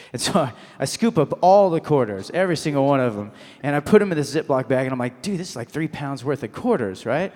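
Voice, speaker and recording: A man's voice: medium pitch, quick pace, few pauses, in a large hall. A man telling a comic anecdote as a guest on a convention panel, acting out voices and laughing as he goes. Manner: animated storyteller, acts out voices, laughs mid-story. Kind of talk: comic anecdote to a live audience.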